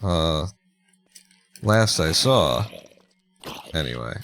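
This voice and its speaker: A man's voice: very deep voice, very animated, drawn-out words, fairly bright tone. A man chatting casually through live gameplay, joking, laughing and talking to himself as he plays. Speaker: streamer.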